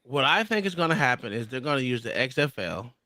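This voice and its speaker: A man's voice: mid-range voice, very animated, fast talker, sharp tone, no echo, clean studio sound. A man hosting a livestream chat, talking in a loose, slangy way with many restarts. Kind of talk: casual panel chat.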